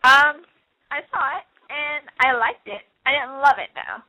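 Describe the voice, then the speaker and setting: A woman's voice: high-pitched, unhurried, bright, forceful tone, dry recording, rough recording. A young woman in a casual interview, talking in a bubbly, quirky way and laughing often. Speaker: interview guest, wrestler. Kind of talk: casual chat.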